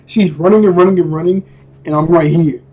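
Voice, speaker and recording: A man's voice: fairly high pitch, fairly even intonation, fairly quick, darkish tone, husky, muffled recording. A young man casually recapping a cartoon episode in a rambling, slangy way, often laughing and correcting himself. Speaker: episode reviewer.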